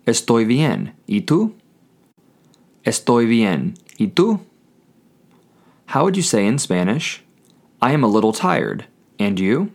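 A man hosting a scripted Spanish lesson, speaking clearly and patiently, repeating each phrase slowly for learners. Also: mid-range voice, big pitch swings. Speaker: Spanish language teacher.

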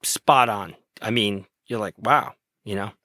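A man's voice: lowish voice, measured pace, pushed and bright, no room sound, clean studio sound. A man, a police detective from New Jersey, telling a story in short clipped phrases as a podcast guest. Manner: choppy clipped phrases, laughing through stories. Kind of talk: casual storytelling.

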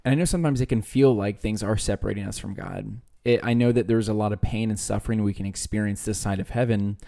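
A man's voice: on the low side, fast talker, vocal fry, dark tone. A young man co-hosting a faith podcast, talking casually and rambling with lots of fillers and restarts. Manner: rambling, hesitant, many fillers. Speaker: podcast co-host.

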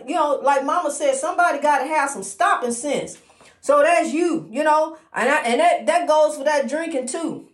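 Woman, high voice, inspirational testimony, preacherly, repeats herself, roomy echo. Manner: preacherly, repetitive, encouraging, many fillers. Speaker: motivational speaker.

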